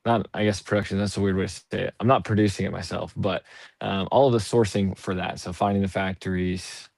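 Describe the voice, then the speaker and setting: A man joins a podcast over a video call from a warehouse at his work. His low, gravelly voice stays flat and even. The sound is dry and close. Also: fairly quick, dry recording. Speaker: guest. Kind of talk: casual chat on a video call.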